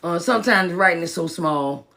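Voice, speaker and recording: A woman's voice: lowish voice, animated, normal speed, gravelly, fairly bright tone. A woman who is a motivational speaker and minister, talking casually on a phone live stream, repeating herself for emphasis and greeting viewers by name. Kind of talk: live-stream pep talk.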